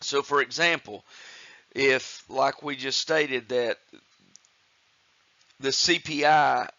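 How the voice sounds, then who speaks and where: Slow, methodical male economics lecturer. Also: medium pitch, steady tone, sharp tone, no echo, highs cut off. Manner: slow, methodical, with frequent uh fillers and restarts. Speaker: economics instructor. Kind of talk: recorded lecture.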